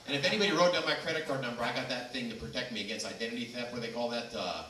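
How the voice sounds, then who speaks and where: A man's voice: mid-range voice, very fast, hardly any pauses. A man from Los Angeles doing a loose, rambling stand-up set with crowd work. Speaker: stand-up comic. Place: small comedy venue. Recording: echoey room from far off, noisy.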